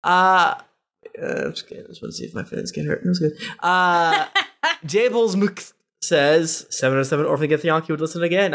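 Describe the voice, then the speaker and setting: A man with a fairly high voice reads listener reviews aloud on a podcast. His delivery is casual and relaxed, with small joking asides between the quotes. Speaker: podcast host.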